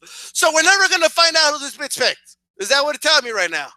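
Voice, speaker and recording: A man in a casual comedic rant, profane and animated, who keeps asking "right?" to his listeners. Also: very high voice, brisk, no room sound. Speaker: vlogger.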